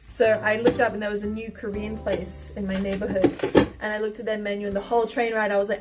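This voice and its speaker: A woman streamer chatting casually while she cooks, animated and swearing often. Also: medium pitch, fast, very noisy. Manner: animated, swearing, exclaiming in pain. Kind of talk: casual cooking stream chat.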